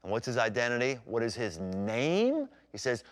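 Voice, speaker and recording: A man's voice: mid-range voice, moderate pace. A man preaching a sermon as pastor, conversational and emphatic, acting out scripture scenes. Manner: animated, acts out scripture scenes with voices.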